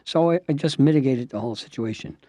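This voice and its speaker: A man's voice: mid-range voice, quick pace, dark tone, no room sound. An older man, a defense lawyer retelling a trial, acting out his cross-examination questions and the witnesses' answers with sarcastic asides. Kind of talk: anecdotal storytelling, reenacting dialogue.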